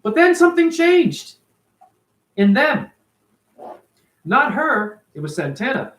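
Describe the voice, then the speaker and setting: A man's voice: very high voice, sing-song, slow, a bit bright. A man hosting a casual livestream, talking animatedly and profanely and answering viewers by name. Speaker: livestream host reading chat.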